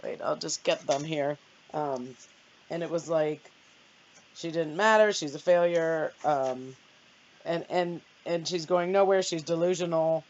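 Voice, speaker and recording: A woman's voice: low voice, measured pace, a little mellow. A middle-aged woman hosting her own vlog, chatting casually and rambling in a self-deprecating way. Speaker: vlogger host. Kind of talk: casual chat. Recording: dull lo-fi sound.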